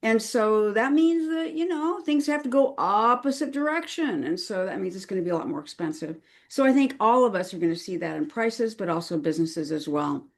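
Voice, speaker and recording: A woman guest on a podcast interview, explaining things in an earnest, chatty way. She talks in a relaxed conversational flow, full of fillers and small restarts. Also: medium pitch, fairly quick, few pauses. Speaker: crisis management consultant, podcast guest.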